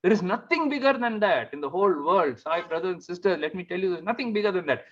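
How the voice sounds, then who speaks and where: A man giving a devotional testimony talk, telling his story in an animated way and acting out the dialogue. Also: high voice, quick pace, hardly any pauses. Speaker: speaker at a devotional gathering. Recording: muffled lo-fi sound.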